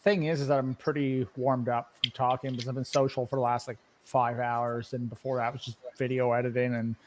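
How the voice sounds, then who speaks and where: A man's voice: medium pitch, little pitch movement, fairly quick, noisy background. A man with an East Coast Canadian accent chatting casually on a livestream, rambling and laughing often. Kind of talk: casual chat.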